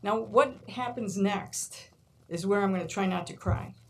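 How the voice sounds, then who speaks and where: Animated woman instructor telling stories. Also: mid-range voice, measured pace, low-quality recording. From New York. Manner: animated storyteller, acts out quotes, laughs often. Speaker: college instructor. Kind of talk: storytelling speech at a board meeting. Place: large meeting room.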